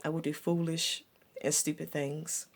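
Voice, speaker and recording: A woman's voice: low-pitched, level tone, a little slow. A woman vlogger telling a personal story from her past in a reflective, repetitive way, with stumbling restarts. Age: adult looking back on her younger years.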